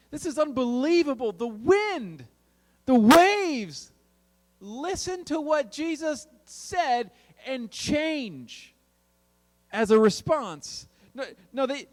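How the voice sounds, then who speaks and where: Animated youth pastor man, high voice. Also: a little slow, big-room sound. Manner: animated storytelling with big swings in pitch and volume. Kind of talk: youth sermon.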